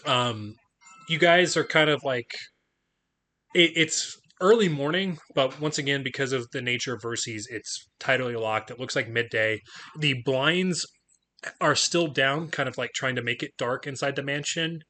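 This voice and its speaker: A man with a mid-range, slightly slow voice and a bright, forceful tone is acting as a game master. He chats loosely, packing his talk with "like" fillers and frequent laughs, then shifts into narrating the scene for his players.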